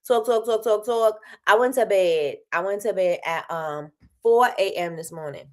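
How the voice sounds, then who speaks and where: A tired woman hosting a daily live show, chatting casually and animatedly, with sudden high exclamations. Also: moderate pace, darkish tone. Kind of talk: casual livestream chat.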